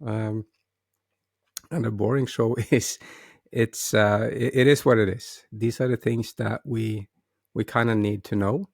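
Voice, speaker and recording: Gravelly-voiced man hosting a casual talk. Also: on the low side, steady tone, a little slow, darkish tone, dry recording, studio quality. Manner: hesitant, many restarts and repeated words. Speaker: host.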